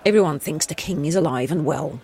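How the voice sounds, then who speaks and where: A woman's voice: sits low, brisk, creaky, warm tone, faint music behind. Woman reading a story aloud, chatty co-host. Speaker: podcast co-host and story reader. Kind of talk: casual chat and story reading.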